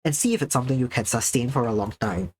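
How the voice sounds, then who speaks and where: Drawing on a livestream and replying to chat, this young man from Singapore speaks with a Singaporean accent at a medium pitch. He's expressive, quick, and a bit dark in tone, enunciating precisely with a projected presenter's style over slight hiss or hum.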